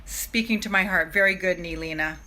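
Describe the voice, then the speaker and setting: Bright-voiced emphatic motivational woman. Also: fairly low pitch, a little fast. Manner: emphatic, swinging from hushed to loud exclamations; swears freely, laughs between phrases. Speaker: self-love coach. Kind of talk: live-streamed motivational talk.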